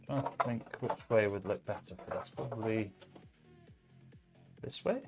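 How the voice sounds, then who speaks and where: A man's voice: fairly low pitch, unhurried, over loud music. A man hosting a live stream, chatting casually with viewers while building a PC. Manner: chatty, relaxed, reads chat messages aloud while working. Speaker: livestream host building a PC.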